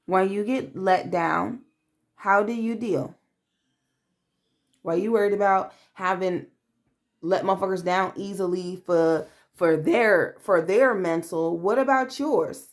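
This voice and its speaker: Blunt woman tarot reader, casual and profane, mid-pitched. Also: slow pace. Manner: blunt, profane, streetwise, calls listener babe; acts out quoted voices. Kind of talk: casual tarot reading to camera.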